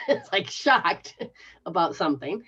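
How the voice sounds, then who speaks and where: A woman hosting a call-in show, giving a spiritual reading in a slow, halting way and laughing often. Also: medium pitch, wildly swooping pitch, fairly bright tone, slightly rough, dull audio. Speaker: psychic reader, show host.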